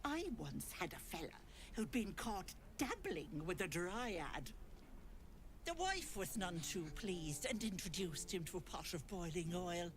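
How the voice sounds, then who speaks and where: A woman's voice: on the low side, very animated, unhurried, a little hiss or hum. A woman voicing a sly old hag who poses as a kindly granny, with folksy, fussing, old-fashioned speech.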